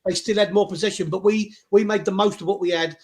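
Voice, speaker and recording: Man, high voice, excitable, swears, football chat. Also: quick pace. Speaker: fan co-host. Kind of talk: casual football reaction chat.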